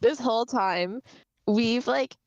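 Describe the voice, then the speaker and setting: A woman co-hosting a casual book discussion livestream, chatty and quick to laugh, swearing casually as she recaps. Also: on the high side, no echo, dull audio. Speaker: podcast co-host.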